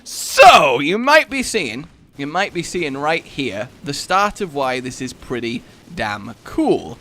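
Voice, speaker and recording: Animated, bright-voiced man. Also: mid-range voice, takes it slowly. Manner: rambling, self-mocking, bursts into loud laughing shouts. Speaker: gaming YouTuber. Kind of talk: casual gameplay commentary.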